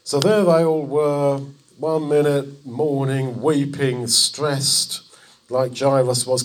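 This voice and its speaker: A man preaching a sermon, telling the story vividly and acting out the people's words. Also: medium pitch. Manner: animated storytelling, acting out dialogue in quick voices.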